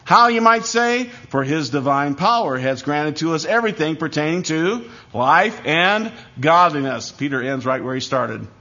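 Male pastor preaching, emphatic and measured, a bit high-pitched, on a muffled lo-fi recording. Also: animated, bright, forceful tone. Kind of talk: sermon. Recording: dull lo-fi recording.

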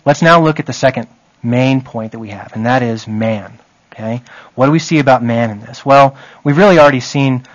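A man's voice: mid-range voice, a little fast, dry recording, lo-fi sound. A man teaching a Bible study in a conversational way, often checking in with his listeners.

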